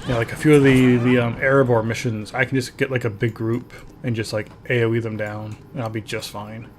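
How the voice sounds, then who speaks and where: A man talking through a game stream at an easy, conversational pace, reading chat messages and laughing along. His voice sits at an ordinary middle pitch. Faint music plays underneath. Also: level tone, a little fast. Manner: chatty, reads chat aloud, laughs often. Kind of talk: casual gameplay commentary.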